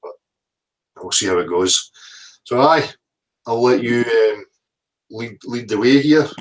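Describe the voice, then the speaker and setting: A Scottish man hosts a relaxed livestream, chatting and rattling through viewers' names one after another. His voice sits at a middle pitch, with the plain sound of a video call. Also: measured pace. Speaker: livestream host. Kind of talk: casual livestream chat.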